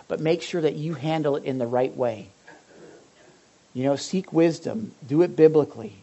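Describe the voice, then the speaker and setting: A man preaching a conversational sermon to his congregation, lively and direct, with frequent asides and questions to his listeners. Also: fairly high pitch. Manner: animated, addresses the audience directly, frequent asides. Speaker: pastor.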